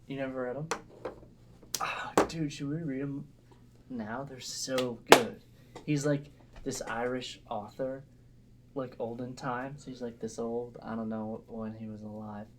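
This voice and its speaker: A man co-hosting a podcast livestream in casual, laughing, profane chat, who reads aloud in a flat dry voice. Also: medium pitch, measured pace, background noise. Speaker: podcast co-host.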